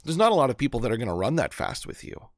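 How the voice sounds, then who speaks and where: A man's voice: mid-range voice, sing-song, very fast, dry recording, studio quality. Earnest man telling motivational stories. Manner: earnest, storytelling, many restarts. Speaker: host. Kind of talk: motivational talk on a live stream.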